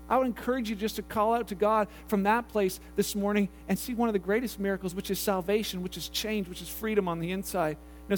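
A male pastor preaching a conversational sermon, slipping into quick acted-out voices for the people in his stories. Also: high-pitched. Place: church sanctuary. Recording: roomy hall with mains hum.

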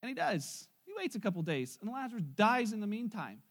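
A man's voice: high voice, sing-song, a little fast. A man preaching a sermon in church, retelling a Bible story in a casual, joking way to his congregation. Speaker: pastor.

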